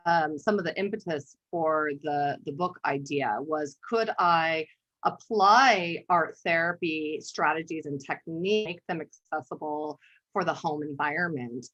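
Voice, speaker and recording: A woman art therapist presents a workshop over a video call, shifting easily between teaching and telling a personal story. Her voice sits a little low, and she often clears her throat between phrases. The audio is dull and lo-fi, like a live-streamed webinar. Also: a little slow, fairly bright tone. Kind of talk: conversational webinar talk with storytelling.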